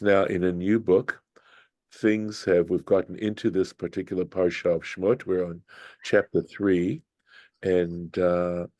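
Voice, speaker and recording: A rabbi in his later years leads an unhurried scripture study, thinking aloud and circling back to rephrase. His voice sits very low and mellow. It is recorded close and dry. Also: no room sound. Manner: thoughtful, unhurried, reflective with many restarts. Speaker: rabbi teaching Torah study. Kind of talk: informal scripture lesson.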